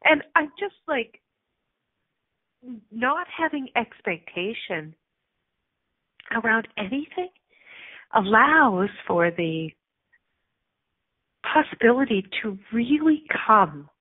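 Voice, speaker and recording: A middle-aged radio talk show host and coach recounts a personal story, candid, chatty and sometimes teary, with frequent fillers. Her husky voice is a little high with big pitch swings, slow and full of long pauses, heard without room sound over a tinny phone line.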